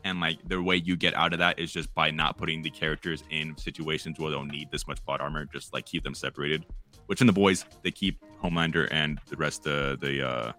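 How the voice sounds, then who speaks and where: A man's voice: extremely low pitch, steady tone, brisk, pushed and bright, faint music behind. A man hosting a casual podcast chat, rambling with lots of fillers and restarts. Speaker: podcast host.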